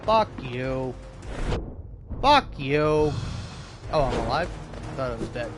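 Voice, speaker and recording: A man's voice: medium pitch, expressive, moderate pace. A man giving profane, sarcastic commentary while playing a video game, ranting furiously at it. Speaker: gaming video creator. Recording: game music playing behind.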